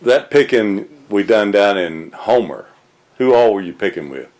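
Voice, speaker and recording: Deep-voiced man asking short questions. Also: animated, measured pace, darkish tone. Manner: short, casual prompting questions.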